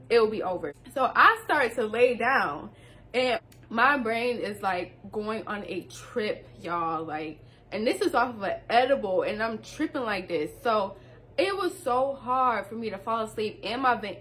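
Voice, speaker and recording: A young woman with a slightly high voice tells a story to her viewers in a casual vlog, animated and laughing as she speaks.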